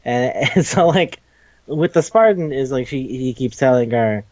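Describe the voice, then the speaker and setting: A man's voice: medium pitch, expressive, unhurried, darkish tone, no room sound. A man hosting a casual manga review, rambling with frequent laughs and casual swearing. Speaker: podcast host. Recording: dull lo-fi dry recording.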